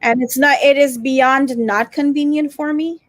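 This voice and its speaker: A woman's voice: high voice, fairly even intonation, measured pace, dry recording. A woman co-hosting a casual teachers' talk stream, chatty, often reading out viewer comments. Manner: chatty, reads comments aloud. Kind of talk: casual chat.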